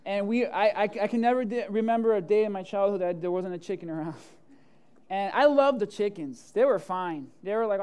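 A young male pastor, preaching a sermon full of jokey personal stories and swinging from loud to hushed. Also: high voice, smooth. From Hialeah, Florida area.

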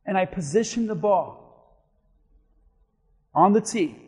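High-voiced man preaching in a reverberant church. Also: slow, long pauses, slightly rough. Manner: animated storytelling, swings from hushed to shouting. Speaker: pastor. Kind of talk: sermon. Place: church sanctuary.

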